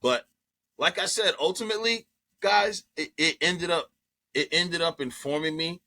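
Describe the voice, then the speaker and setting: A comedian guest telling a story in casual chat, profane and animated, jumping into other people's voices as he goes. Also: a little high, normal speed.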